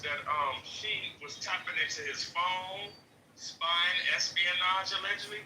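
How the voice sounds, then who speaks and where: A man hosting a casual comedic podcast, animated and profane, laughing often. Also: high voice, unhurried. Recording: echoey room, distant from mic, faint noise.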